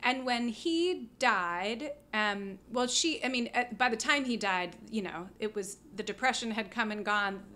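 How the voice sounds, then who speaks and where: A woman guest on an interview podcast, telling stories in a casual, animated way, full of fillers and laughs. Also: fairly high pitch, a little slow, few pauses. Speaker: guest musician.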